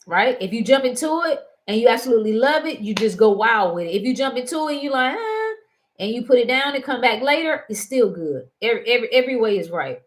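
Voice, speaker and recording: A woman hosting a casual talk show, animated and prone to laughing and wandering into stories. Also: fairly high pitch, quick pace, hardly any pauses. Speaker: host. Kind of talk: casual chat.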